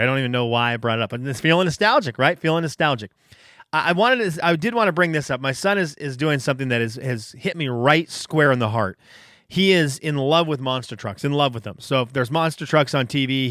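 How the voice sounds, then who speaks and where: A man hosting his own podcast, telling stories in a casual, animated, self-deprecating way. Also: medium pitch, no echo, studio quality. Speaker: podcast host. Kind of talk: casual storytelling monologue.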